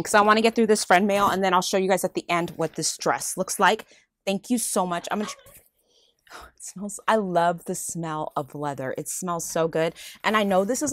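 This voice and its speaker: A woman chatting casually in an unboxing vlog, gushing and excitable as she thanks a friend for each gift. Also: mid-range voice, no room sound. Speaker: vlogger unboxing friend mail. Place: at home with her dogs.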